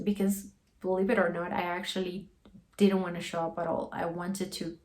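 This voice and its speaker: A young adult woman, a guest, tells a personal story in a lowish voice with a level tone and normal speed. She rambles casually, leaning heavily on "like" and "you know."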